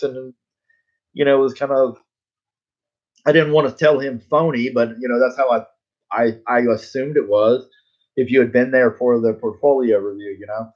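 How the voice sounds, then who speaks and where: A man's voice: medium pitch, steady tone, moderate pace, muffled recording. Laid-back man telling a rambling story. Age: 40s. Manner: laid-back, tongue in cheek; rambling, full of fillers, laughs at himself. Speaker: comic book artist. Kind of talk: casual storytelling to viewers.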